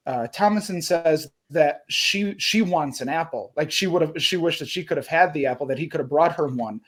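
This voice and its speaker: A man with a fairly high voice, chatting casually about a film on a podcast. He rambles and restarts his sentences often, sometimes slipping into the thoughts of the characters. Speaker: podcast panelist.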